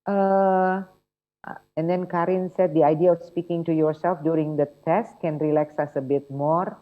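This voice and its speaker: A woman's voice: low-pitched, steady tone, normal speed. A woman running an online test-prep workshop, chatty and encouraging, often checking in with her students. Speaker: TOEFL instructor. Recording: muffled lo-fi online call audio.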